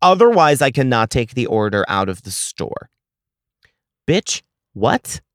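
A man hosting a podcast, telling a story as an exasperated, profane rant that swings from low muttering to loud outbursts. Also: very animated, normal speed, clear, resonant tone, no echo, clean studio sound. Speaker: podcast host. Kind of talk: ranting storytelling.

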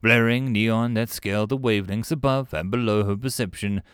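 A man narrating sci-fi short stories in an expressive, animated audiobook style. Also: lowish voice, moderate pace, smooth, no room sound, clean studio sound.

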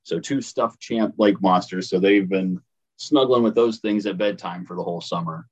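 A man's voice: deep voice, moderate pace, muffled recording, a crowd in the background. A man in his thirties with a Midwestern American accent, casually telling a travel story on a podcast and laughing easily. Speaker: podcast co-host. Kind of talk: casual chat.

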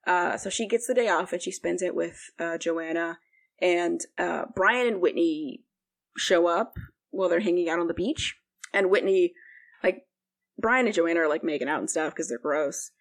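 Creaky low-voiced young woman rambling. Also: moderate pace. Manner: rambling, heavy use of "like", frequent fillers. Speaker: podcast co-host. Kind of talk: casual book recap chat.

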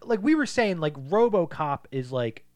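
A man's voice: a little high, sing-song, moderate pace, darkish tone. A man co-hosting a casual podcast movie review, talking animatedly, swearing and acting out lines from the film. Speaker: podcast co-host.

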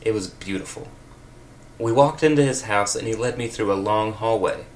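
A man's voice: fairly low pitch, moderate pace, slight background noise. A man reading comedic fan fiction aloud, with wry, laughing asides. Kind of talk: comedic read-aloud with commentary.

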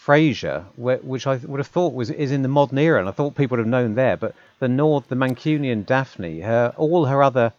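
A man's voice: mid-range voice, lively intonation, a little fast, hardly any pauses, darkish tone, lo-fi sound. A man co-hosting a casual chat, musing aloud and stopping to correct himself. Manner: musing, self-interrupting, laughs often. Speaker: podcast co-host.

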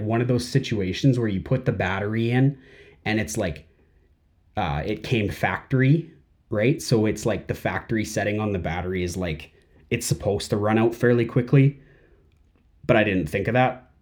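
Rambling man hosting a podcast, fairly low voice. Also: darkish tone. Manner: rambling, heavy on fillers. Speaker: podcast host. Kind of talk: casual podcast monologue.

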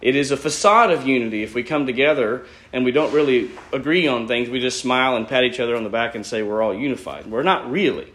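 A man's voice: medium pitch, expressive, quick pace, hardly any pauses, a bit bright. A man preaching an expository sermon, explaining a passage verse by verse and answering his own questions. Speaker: pastor.

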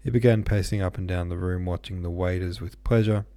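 A man's voice: sits low, fairly even intonation, brisk, warm tone, no echo. A man reading a classic novel aloud, unpolished, with small slips and asides. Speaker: audiobook reader.

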